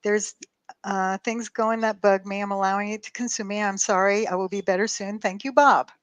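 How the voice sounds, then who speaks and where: A woman's voice: mid-range voice, steady tone, normal speed, smooth, dry recording. A woman telling a long story on a call show, acting out both sides of the dialogue and swearing freely. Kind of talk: casual storytelling chat.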